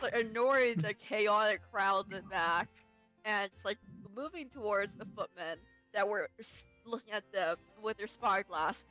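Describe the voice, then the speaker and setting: A woman's voice: a little high, fairly bright tone, poor audio. A woman playing in a tabletop game, chatting casually with giggles and stammers. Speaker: player.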